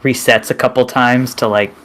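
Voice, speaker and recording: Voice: mid-range voice, level tone, moderate pace, fairly bright tone, slight background noise. Give me a playful tabletop player who jokes and laughs, with a mid-range voice. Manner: joking and laughing, playful banter. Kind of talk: casual tabletop role-play chat.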